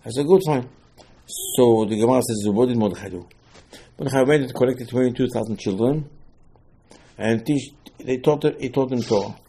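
A man's voice: medium pitch, moderate pace, dark tone, slightly rough. Man giving an emphatic Torah lecture. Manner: emphatic, repetitive, asks and answers his own questions, broken English phrasing. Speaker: rabbi teaching Torah.

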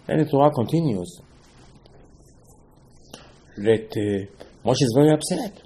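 A man teaches a Torah class in a sermon style, his voice sitting in an ordinary middle pitch. He drives points home by repeating them and by asking questions, then answering them himself. His English carries non-native phrasing. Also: animated, drawn-out words, pauses often, mellow. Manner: emphatic, repetitive, asks and answers his own questions.

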